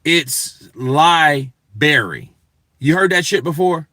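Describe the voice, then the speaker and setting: A man's voice: mid-range voice, expressive, normal speed, heavy background noise. A man hosting a boxing news show, talking in a casual, profane, emphatic rant to his viewers. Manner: profane, emphatic, talks to chat.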